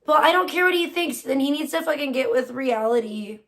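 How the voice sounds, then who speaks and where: Chatting with her livestream viewers, this woman gets blunt, heated, and profane. Her voice is high-pitched, expressive, brisk, and fairly bright.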